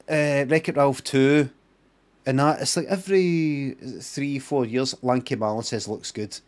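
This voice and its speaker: A man's voice: medium pitch, a little slow. A middle-aged Scottish man streaming live, reacting to a trailer with sarcastic, sweary ranting.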